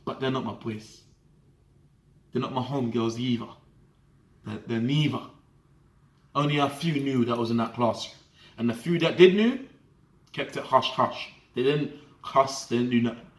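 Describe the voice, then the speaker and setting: A young man telling a story in an animated, slangy way, often checking that the listener follows him. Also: medium pitch, roomy sound. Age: young adult. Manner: animated slangy storytelling, often asking the viewer "do you get what I'm trying to say". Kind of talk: casual storytime vlog.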